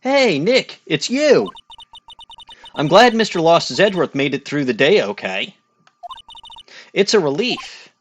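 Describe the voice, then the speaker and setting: A man's voice: fairly high pitch, sing-song, unhurried, pauses often, a little hiss or hum, pitched above the performer's own voice. Man doing a teenage girl spirit medium, cheerful and chatty, lightly raised girlish tone, amateur let's play voice acting, game dialogue read aloud.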